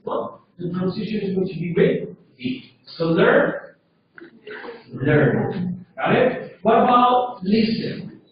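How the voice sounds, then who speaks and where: High-voiced teacher, echoey room. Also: male voice, moderate pace, a little hiss or hum. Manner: drills pronunciation, checks with frequent "okay?". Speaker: English teacher. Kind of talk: classroom grammar lesson. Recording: echoey room from far off, dull.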